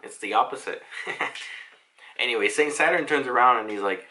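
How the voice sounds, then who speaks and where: A man's voice: mid-range voice, moderate pace, pauses often, bright, forceful tone. A young man casually recapping a comic chapter, chatty and laughing, with frequent swearing. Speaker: manga reaction youtuber.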